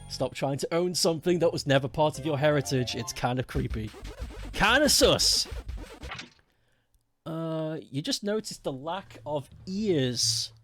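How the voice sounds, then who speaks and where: A man chatting casually with his viewers while streaming a game, often laughing. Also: fairly high pitch. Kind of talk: casual live-stream chat while gaming.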